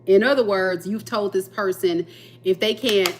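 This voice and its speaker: A woman's voice: medium pitch, normal speed, a little hiss or hum. A woman giving a live tarot reading, talking playfully to her viewers and often breaking into laughter. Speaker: tarot reader.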